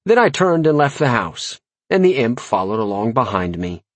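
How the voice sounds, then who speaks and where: Man, audiobook narration, wry comic delivery, husky voice, lively pitch, dry close sound. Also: moderate pace, no echo. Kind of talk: first-person audiobook narration.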